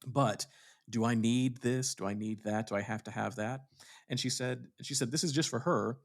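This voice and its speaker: In a casual podcast conversation, a theatre director and co-host thinks aloud, often starting sentences over while he looks for words. His medium-pitched voice keeps a fairly even intonation at a moderate pace.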